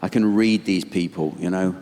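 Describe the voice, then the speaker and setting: A man with an English accent doing live stand-up comedy in a deadpan, sardonic manner on a stage mic. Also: low-pitched, moderate pace. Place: theater stage. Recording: reverberant live venue, audience noise.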